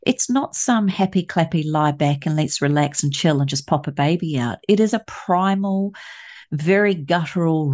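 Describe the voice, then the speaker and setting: A woman's voice: deep voice, darkish tone. A woman hosting a podcast, asking long, reflective, earnest questions. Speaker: podcast host. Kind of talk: interview question.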